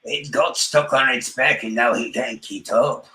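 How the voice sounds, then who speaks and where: A man's voice: medium pitch, steady tone, unhurried, reverberant, far from the mic, pitched below the performer's own voice, rough recording. A man putting on a mocking Australian accent to jeer at a fallen opponent. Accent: put-on Australian. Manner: taunting, loud.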